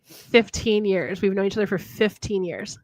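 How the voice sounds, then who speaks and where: This young woman hosts a relaxed livestream chat, speaking at a moderate pace in a medium-pitched voice with no echo. She tells stories animatedly and laughs often.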